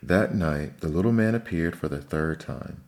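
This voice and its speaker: Deep-voiced man reading fairy tales. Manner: measured, expressive fairy-tale telling. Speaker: storyteller. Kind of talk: scripted storybook narration.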